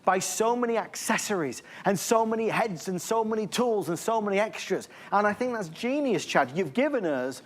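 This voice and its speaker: High-voiced, gushing male shopping host. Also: lively intonation, moderate pace, hardly any pauses. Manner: enthusiastic, gushing salesman patter. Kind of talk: TV shopping presentation. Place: TV shopping studio.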